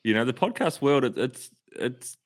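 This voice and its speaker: A man's voice: medium pitch, very animated, normal speed. A man co-hosting a casual podcast, talking in a rambling way with frequent restarts. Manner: rambling, with restarts and trailing thoughts. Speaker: podcast co-host. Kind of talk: casual chat.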